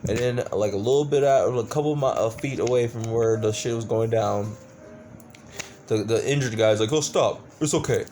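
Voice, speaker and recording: A man's voice: fairly low pitch, steady tone, moderate pace, dark tone, faint music behind. A man reviewing a movie in a casual rant, exasperated and profane, rambling with lots of restarts. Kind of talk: casual ranting film review.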